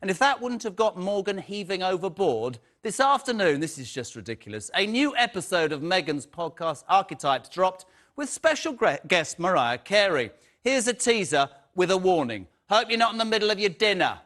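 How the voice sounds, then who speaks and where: A man's voice: high-pitched, sing-song, moderate pace, fairly bright tone. A man hosting a TV panel debate, asking combative, incredulous questions. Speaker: TV host.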